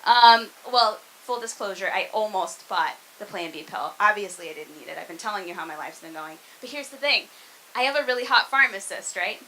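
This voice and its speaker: A young woman from Arkansas in the US South does a conversational stand-up set before a live comedy club audience, poking fun at herself and checking in with the crowd. Her voice is medium-pitched, bright, and forceful at a moderate pace, and the rough recording carries a little hiss or hum.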